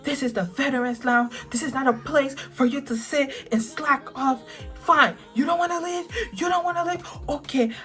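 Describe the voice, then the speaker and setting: A towering, furious man barks and curses, his voice strained high and loud with anger. A young woman puts him on while recounting the story in her vlog. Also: normal speed, soft background music. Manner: shouting, threatening.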